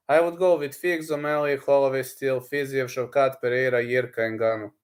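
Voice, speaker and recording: A man's voice: mid-range voice, fairly even intonation, a little fast, few pauses. A man streaming live, chatting casually with viewers and repeating blunt fight advice. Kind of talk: casual livestream chat.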